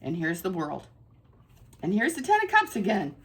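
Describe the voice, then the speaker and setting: A woman's voice: mid-range voice, huge pitch swings, normal speed, fairly bright tone. A woman giving a casual spiritual tarot reading to her viewers, effusive and emphatic, repeating phrases for stress. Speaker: tarot reader.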